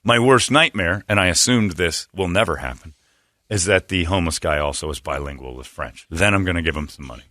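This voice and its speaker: A man hosting a radio show, telling a story in casual banter with co-hosts, animated and jokey. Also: deep voice, fairly quick, dry recording, clean studio sound. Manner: animated storyteller, slips into silly put-on voices.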